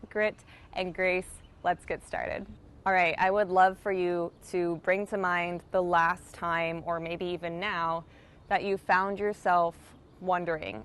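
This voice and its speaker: A woman hosting a self-help video, talking casually and playfully to her viewers and slowing into a calm, guiding cadence for mindfulness prompts. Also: mid-range voice, clean tone. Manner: chatty and playful, with swearing and light laughter. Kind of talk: casual direct-to-camera talk with guided mindfulness.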